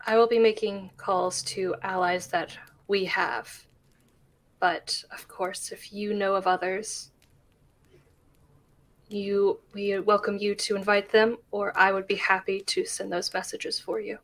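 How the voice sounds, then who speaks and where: A woman's voice: medium pitch, level tone, unhurried. Woman player speaking politely in character. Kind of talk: in-character tabletop role-play.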